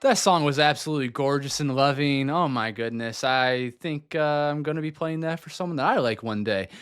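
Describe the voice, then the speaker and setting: A man's voice: fairly high pitch, brisk, a bit bright, clean tone. A man hosting a music reaction video, talking enthusiastically and casually, thinking aloud with fillers.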